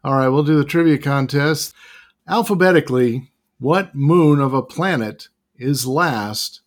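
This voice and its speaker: A man's voice: medium pitch, measured pace. A man chatting on a radio show as its regular science guest, enthusiastic and playful. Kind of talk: casual radio chat.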